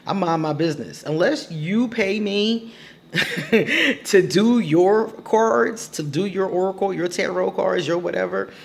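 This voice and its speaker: Gravelly-voiced woman telling a story. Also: medium pitch, lively intonation, measured pace. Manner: candid, laughs often, emphatic. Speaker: tarot reader. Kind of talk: casual storytelling.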